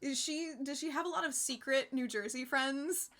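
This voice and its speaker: A woman talks casually to her live-stream viewers in a bright, forward voice that sits a little higher than most. She rambles from thought to thought, laughs often and swears without a second thought. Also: moderate pace.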